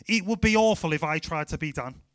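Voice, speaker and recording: Energetic Scouse man preaching. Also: fairly high pitch, a little fast, dry recording. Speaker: youth pastor. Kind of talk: sermon.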